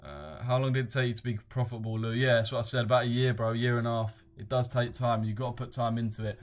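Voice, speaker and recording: Speaking quickly in a mid-range voice, a young trading livestream host reads viewer comments aloud and chuckles at them. His manner is casual, blunt, and slangy, with free-flowing profanity.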